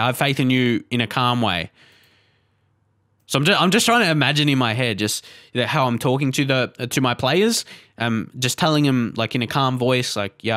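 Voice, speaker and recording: A young man calmly talking through a live football management game, bursting into excited shouts at near misses. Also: medium pitch, no echo, clean studio sound. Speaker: gaming YouTuber. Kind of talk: live let's play commentary.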